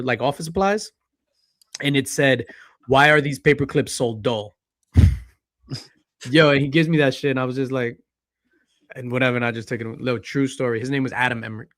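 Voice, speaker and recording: A man's voice: mid-range voice, no echo, clean studio sound. A man hosting a casual pop culture chat, telling profane anecdotes and laughing often. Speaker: podcast host.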